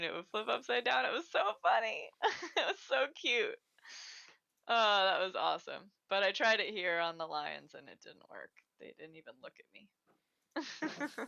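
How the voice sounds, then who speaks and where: A woman's voice: medium pitch, creaky, sharp tone, lo-fi sound. A woman co-hosting a casual livestream chat, rambling and laughing often. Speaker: co-host.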